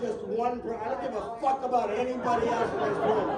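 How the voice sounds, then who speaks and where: Brash high-voiced stand-up comic. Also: male voice, fairly even intonation, brisk. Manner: brash, profane, teasing the audience. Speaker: stand-up comedian. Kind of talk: stand-up set with crowd work. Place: comedy club stage. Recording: echoey club, distant, loud crowd laughter. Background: audience laughter.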